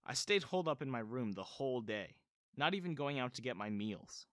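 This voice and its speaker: A man narrating an animated story in the first person, telling it expressively. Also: medium pitch, fairly quick, no echo, clean studio sound.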